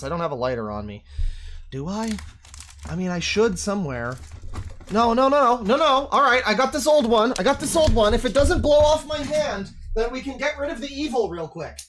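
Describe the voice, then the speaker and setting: A man's voice: high voice, a bit bright. A man streaming from a home setup with a desk microphone, reacting to videos with exasperated, sweary ranting. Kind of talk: live-stream reaction commentary.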